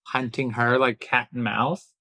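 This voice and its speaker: A man co-hosting a casual film review chat. He recaps scenes in an easygoing, agreeable way. His voice is mid-pitched, and the sound is close and dry. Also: little pitch movement, unhurried, bright, forceful tone, no room sound. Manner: easygoing, agreeable, laughs along. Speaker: film review podcast host.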